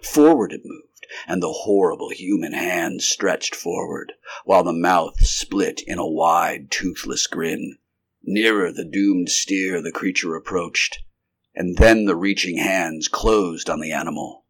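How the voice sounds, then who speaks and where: A man's voice: low voice, measured pace. A man narrating a 1930s science fiction story in an unrehearsed live reading, now and then restarting a sentence. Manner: occasional restarts mid-sentence. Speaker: amateur audiobook narrator.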